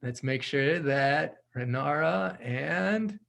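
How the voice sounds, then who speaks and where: A man's voice: on the high side, slow pace, vocal fry, a bit bright. A man hosting a video call with translators, talking in an effusive, upbeat way and laughing often. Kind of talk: casual video call chat.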